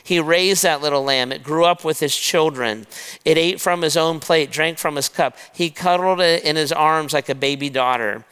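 A man preaching a sermon, retelling a scripture story in a lively way and talking straight to his listeners as "guys". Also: fairly high pitch, moderate pace, clear, resonant tone. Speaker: pastor. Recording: long reverb of a large hall.

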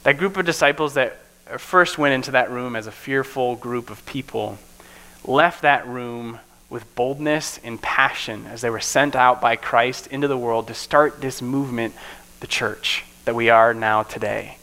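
A man with a bright, forward voice delivers a relaxed, chatty sermon. He keeps turning to the room with quick check-ins, talking with his listeners rather than at them. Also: medium pitch, low-quality recording. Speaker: preacher. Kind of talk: casual conversational sermon.

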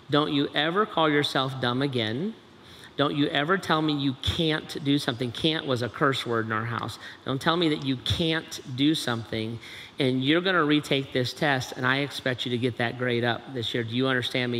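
A man's voice: medium pitch, moderate pace, pushed and bright, close to an everyday voice. A man quoting a stern, loving mother. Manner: firm, scolding. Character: stern, loving mother scolding her young son. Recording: echoey large hall, faint ambient noise.

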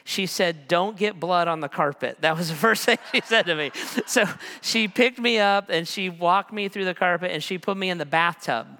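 A man in his forties delivers a sermon in a relaxed, conversational way, joking at his own expense as he tells a story. His voice sits a little high and sounds bright and smooth. It rings with the long reverb of a large hall. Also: normal speed, hardly any pauses. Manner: conversational, self-deprecating humor. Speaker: pastor.

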